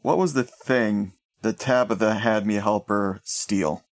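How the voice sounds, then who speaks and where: A man with a somewhat low voice, playing his character at a tabletop game. He speaks in character with brash confidence. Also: measured pace. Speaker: player. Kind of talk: tabletop role-play, in character.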